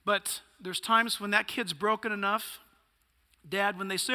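High, bright-voiced preacher in a hall. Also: male voice, fairly even intonation, a little slow. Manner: emphatic, punchy preaching with rhetorical questions. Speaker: pastor. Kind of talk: sermon.

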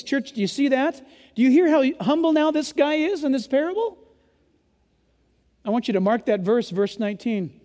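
A male pastor delivers an emphatic sermon in a very high voice, sometimes raising it to a yell. His words ring out with the long reverb of a large church sanctuary during a service. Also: animated, moderate pace. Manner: emphatic preaching, yelling at times.

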